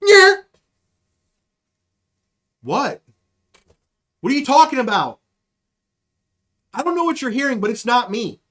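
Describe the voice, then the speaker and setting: A man impersonating a deadpan teenage classmate who shouts out in class and then flatly denies it with mock innocence. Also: extremely high pitch, takes it slowly, pauses often, voice pushed up, full character voice. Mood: feigned innocence.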